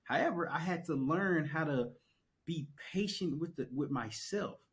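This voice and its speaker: A young man on a podcast, chatting casually and telling his story with animated emphasis and repeated phrases. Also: on the high side, normal speed. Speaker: podcast guest. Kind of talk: casual conversation.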